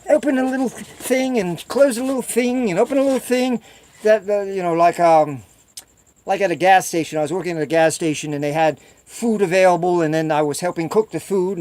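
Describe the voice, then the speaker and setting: A middle-aged man rambling through stories in a casual solo video chat, repeating himself and breaking into high squeals when he mimics other people. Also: darkish tone, no room sound. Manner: rambling, repetitive storytelling. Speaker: vlogger.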